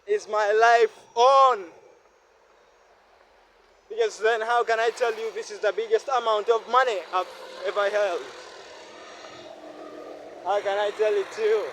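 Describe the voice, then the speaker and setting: High-voiced Ugandan man musing on a street. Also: flat delivery, moderate pace, pauses often. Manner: musing, repetitive, asks himself questions aloud. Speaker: vlogger. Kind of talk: reflective walking vlog monologue. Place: rainy city street outdoors. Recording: faint street and traffic noise.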